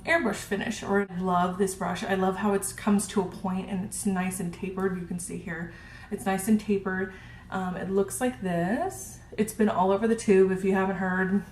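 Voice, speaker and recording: A woman's voice: mid-range voice, darkish tone. A woman casually reviewing her makeup brushes, gushing and chatty with lots of ums. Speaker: beauty vlogger. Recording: roomy with faint hiss.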